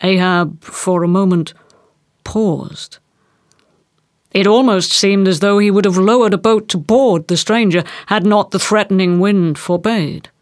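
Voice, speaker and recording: A woman reads a classic novel aloud, slow and deliberate. Her voice sits at a middle pitch and sounds dry and close. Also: no room sound. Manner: measured, deliberate delivery. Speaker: audiobook reader. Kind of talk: literary reading.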